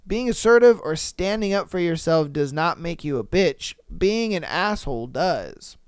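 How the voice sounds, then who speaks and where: High, smooth-voiced young man riffing. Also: animated, no room sound, studio quality. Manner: blunt, profane, joking, fast talker. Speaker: podcast host. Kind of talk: casual chat.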